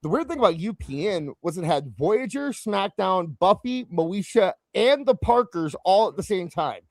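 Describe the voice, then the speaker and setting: On a laid-back wrestling talk show, a man rambles alongside his co-host at normal speed, animated and jumping in pitch. The recording is dry.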